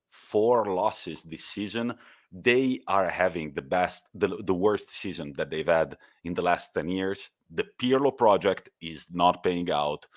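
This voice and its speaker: A man co-hosting a podcast, telling football stories in a lively way with laughs and the odd swear word. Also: sits low. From Italy. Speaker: podcast co-host. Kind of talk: casual football chat.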